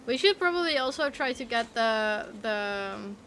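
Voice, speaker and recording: A woman with a Dutch accent, chatting playfully while streaming a game, at times breaking into excited squeals. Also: fairly high pitch, normal speed, noisy background. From Netherlands. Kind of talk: casual gameplay chat.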